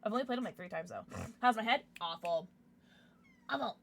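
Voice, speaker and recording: Casting: bright, bouncy young female streamer, squeals and murmurs, chatty at her desk mic. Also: medium pitch, lively intonation, vocal fry, slight background noise. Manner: bubbly, gushing, quick swings to squeals and mumbles. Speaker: livestreamer. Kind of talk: casual chat.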